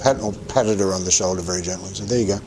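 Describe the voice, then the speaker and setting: A man's voice: low-pitched, moderate pace, noisy background. A man casually telling a rambling anecdote while playing a game, often correcting himself as he goes. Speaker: streamer telling stories while gaming.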